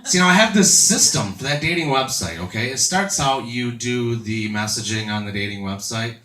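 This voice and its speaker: A man's voice: mid-range voice, animated, normal speed, pushed and bright. Crude, crowd-teasing stand-up comedian man. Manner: crude, self-mocking, chatty with the crowd. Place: comedy club stage before a laughing crowd. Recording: echoey club room, mic heard from a distance.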